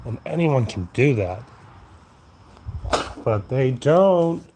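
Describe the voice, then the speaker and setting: A man's voice: mid-range voice, expressive, slow pace, dark tone, a little hiss or hum. A man rambling drowsily outdoors at night into his phone, profane and meandering, yawning as he gets sleepy. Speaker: vlogger. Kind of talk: rambling late-night monologue. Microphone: phone camera.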